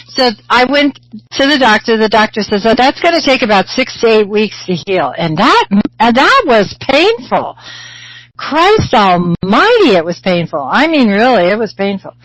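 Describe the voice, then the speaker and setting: A woman's voice: medium pitch, a bit bright, no room sound, low-quality recording. A middle-aged woman teaching about spirituality in a rambling, chatty way, with many fillers and restarts. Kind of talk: casual spiritual teaching talk.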